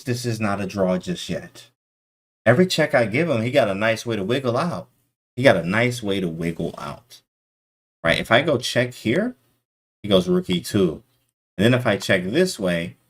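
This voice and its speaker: Lowish-voiced guy breaking down his chess game, hyped and slangy, keeps repeating himself. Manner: excitable, slangy, repeats phrases, sudden exclamations. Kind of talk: animated casual game review.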